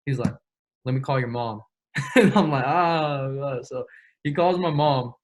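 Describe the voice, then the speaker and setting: A young man, the interview guest, telling his story in casual, slangy, profane talk full of quoted back-and-forth. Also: medium pitch. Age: young adult. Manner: slangy, profane, quick retelling with quoted dialogue.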